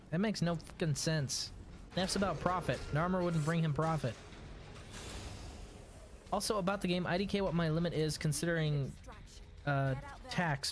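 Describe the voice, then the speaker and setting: A man from Texas streaming a video game, chatting casually and joking, with frequent swearing. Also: on the high side. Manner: laid-back, joking, swears often. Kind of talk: casual gaming chat.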